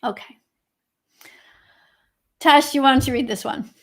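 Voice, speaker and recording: Woman, Canadian accent, high-pitched, sarcastic, reads chat comments, livestream video call. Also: slow. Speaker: livestream co-host.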